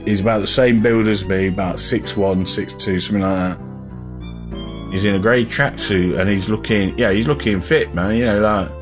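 A man's voice: on the low side, normal speed, music in the background. A man, a musician, telling a story in a casual interview, chatty and rambling with lots of fillers and restarts.

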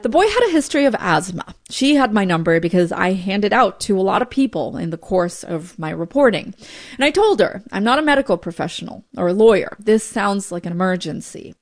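A woman immigration correspondent narrating a news report in a measured storytelling delivery. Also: mid-range voice, expressive.

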